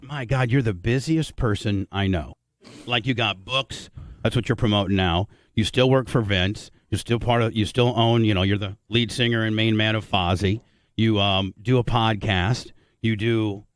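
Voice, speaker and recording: A man's voice: lowish voice, dry recording, clean studio sound. A middle-aged man hosting a radio show, teasing his guest with crude, joking banter. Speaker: radio host. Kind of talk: casual radio interview chat. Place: radio studio.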